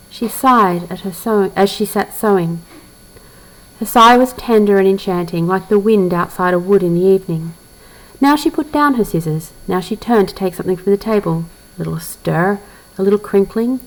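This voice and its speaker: A woman reading a classic novel aloud in a measured, reflective way, pausing to comment on the passage. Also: medium pitch, rough recording. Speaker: audiobook reader.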